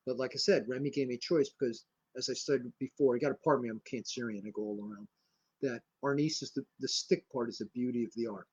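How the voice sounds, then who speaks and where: An older man from Connecticut, a martial arts grandmaster, telling rambling, animated anecdotes in a casual interview. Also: mid-range voice, fast, slightly rough, highs cut off. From Connecticut, USA.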